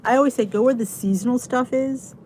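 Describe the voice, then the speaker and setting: A woman's voice: on the high side, fairly quick, darkish tone, slight background noise. A woman hosting a casual live-stream chat, rambling from one thought to the next and often stopping to say good night to her viewers.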